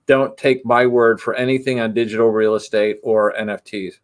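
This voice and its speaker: A man's voice: mid-range voice, fairly even intonation, normal speed. A man appearing as a podcast guest, chatting casually and tossing in dry jokes. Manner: dry joking asides. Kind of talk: casual chat.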